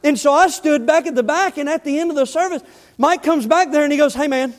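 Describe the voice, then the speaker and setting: A man preaching a sermon as a pastor, telling a story in a casual way and then dropping to hushed emphasis on key words. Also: extremely high pitch, fast. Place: church sanctuary. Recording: long church reverb.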